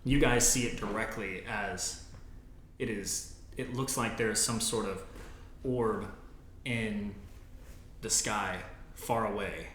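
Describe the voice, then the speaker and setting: Low-voiced man narrating a tabletop game. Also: slow, pauses often, a bit bright, echoey room, slight background noise. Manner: descriptive, loose, many fillers and "like"s. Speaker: game master.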